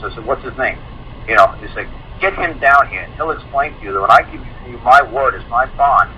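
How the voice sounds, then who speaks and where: A man casually telling a long personal story in a folksy way, laughing now and then and acting out both sides of conversations. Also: medium pitch. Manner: folksy, laughing, quotes people in dialogue. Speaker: guest speaker telling a story. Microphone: phone or internet call. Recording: muffled call-in audio with faint hiss.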